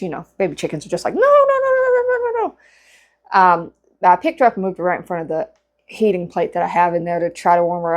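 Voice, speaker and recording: A woman chatting casually to camera while crocheting, rambling with lots of fillers and restarts. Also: on the low side. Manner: chatty and rambling, with many fillers and self-corrections. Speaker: vlogger.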